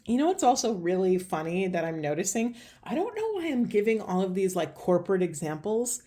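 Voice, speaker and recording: Mellow-voiced woman giving a rambling card reading. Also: mid-range voice, big pitch swings, fairly quick. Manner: meandering, searching for words with many fillers. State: voice getting hoarse. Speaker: tarot reader. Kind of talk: spiritual card reading monologue.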